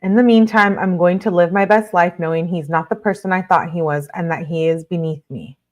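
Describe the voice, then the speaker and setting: A woman's voice: lowish voice, fairly even intonation, fairly quick. A woman hosting a casual live stream, reading documents aloud and breaking off to react with blunt outrage and lots of fillers. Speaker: livestream host reading court documents.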